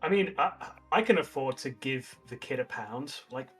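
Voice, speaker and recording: A man's voice: medium pitch, lively intonation, moderate pace, a bit bright, faint music behind. Laid-back man, tabletop player. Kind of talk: casual tabletop chat.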